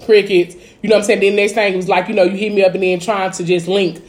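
A woman's voice: medium pitch, little pitch movement, quick pace, darkish tone. A woman with a Dallas accent venting in a casual chat, blunt and profane with lots of filler phrases. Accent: Dallas, Texas.

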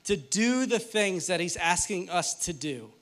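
A man in his late thirties gives a sermon in a relaxed, conversational way, slipping into funny stories and playful asides. His voice sits a little higher than most men's. He speaks to the congregation as if chatting with friends. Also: a little slow. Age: 30s. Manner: conversational, joking storyteller. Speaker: pastor.

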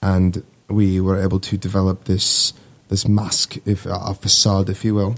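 Low gravelly young man, Midwestern accent. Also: measured pace. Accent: Midwestern American, put-on. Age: 20s. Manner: relaxed, rambling, laughs easily. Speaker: guest, Navy sailor and guitarist. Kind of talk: casual interview chat.

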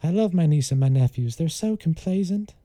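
A man doing a doting Southern aunt who gushes in a high, drawn-out voice. The voice is mellow and warm. It sounds dry and close, with no room around it. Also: animated, no room sound, close to an everyday voice. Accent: put-on Southern US. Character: sweet gushing Southern aunt, a woman.

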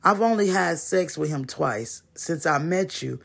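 A man's voice: fairly high pitch, animated, a little slow, gravelly, fairly bright tone, slightly rough, exaggerated voice. A man voicing a guilt-ridden young woman who is torn between two men, pleading and shaken.

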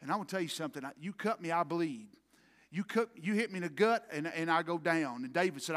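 A man preaching a sermon as pastor, swinging from quiet murmurs to loud impassioned peaks. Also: a little high, expressive, fast. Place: church sanctuary.

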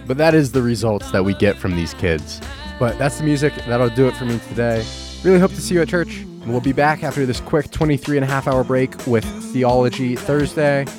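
A man hosting a podcast, ranting casually and telling animated stories. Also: medium pitch. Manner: animated, storytelling. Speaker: podcast host. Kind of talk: casual opinion rant.

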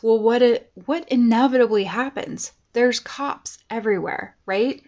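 A woman's voice: fairly high pitch, moderate pace, hardly any pauses, a little mellow, dull audio. A woman life coach giving a casual motivational talk to her viewers, earnest and chatty with tough-love asides.

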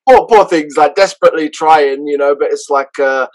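A man with a London accent, a podcast guest and karate instructor, telling stories casually in an animated way, with frequent restarts. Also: on the high side, fairly quick, poor audio. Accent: London English. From London, England. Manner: animated, acts out others' voices, frequent restarts. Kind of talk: casual storytelling.

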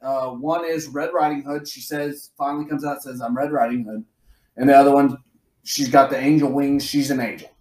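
A man's voice: medium pitch, fairly quick, echoey room. A man co-hosting a podcast who chats casually and profanely. He retells scenes with energy and jumps into quoted voices. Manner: animated storyteller, acts out quotes in a raised voice. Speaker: podcast co-host.

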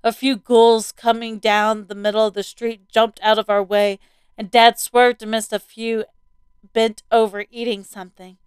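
Smooth-voiced woman narrating a horror tale. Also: a little high, normal speed, no room sound. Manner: steady, vivid storytelling. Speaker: story narrator. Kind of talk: scripted first-person horror narration.

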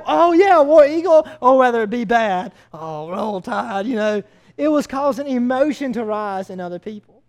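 A man preaching a sermon as pastor, telling stories in a conversational way with frequent fillers. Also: very high voice. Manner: conversational storytelling with hesitant fillers.

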